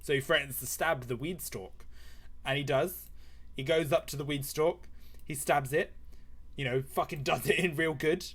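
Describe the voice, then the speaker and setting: Young streamer, rambling comic storyteller, swears a lot, slightly high voice. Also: male voice, fairly even intonation, moderate pace, a bit bright, breathy edge. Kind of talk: improvised comic storytelling while drawing.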